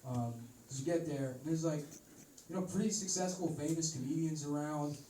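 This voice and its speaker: A man in his thirties doing a stand-up comedy set in a rambling deadpan, now and then breaking into loud shouts. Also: a little high, normal speed, a little hiss or hum. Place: comedy club stage with a live audience. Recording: roomy, distant audience recording with laughter.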